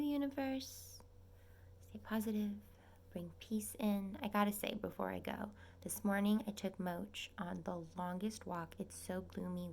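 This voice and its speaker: A young woman talks to camera from her small apartment in a chatty, gushing way, her voice carrying a gravelly fry. She often sinks into a soft whisper, then brightens again. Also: mid-range voice, slight background noise. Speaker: nursing student vlogger. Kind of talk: casual vlog update.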